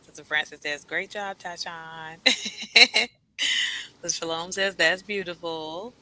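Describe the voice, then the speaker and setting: A woman hosts a casual live stream. Her voice is very bright and clear. She is animated and laughs often while reading viewers' comments aloud. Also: on the low side, slow pace, poor audio. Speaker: host.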